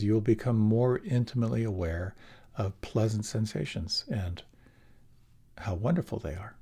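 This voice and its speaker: Gravelly-voiced man giving a dharma talk. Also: fairly low pitch. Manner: relaxed, reflective, with soft trailing phrases. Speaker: meditation teacher.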